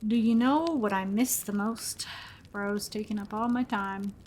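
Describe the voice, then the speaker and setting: A woman's voice: medium pitch, steady tone, a little slow, darkish tone, slight background noise. A young woman streaming a story game, reading its text aloud and reacting with frequent laughs in casual commentary.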